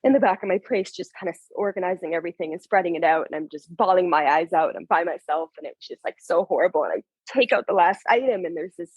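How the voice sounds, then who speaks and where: A young adult woman, a podcast guest, telling an emotional personal story in a candid, animated way, laughing through it. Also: fairly low pitch, fast, few pauses, husky, no echo, low-quality recording.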